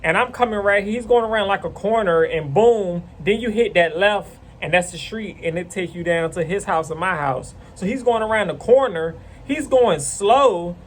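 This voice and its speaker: A man's voice: high-pitched, normal speed, hardly any pauses. A man casually telling a rambling, profane story to camera. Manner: rambling, profane, animated retelling.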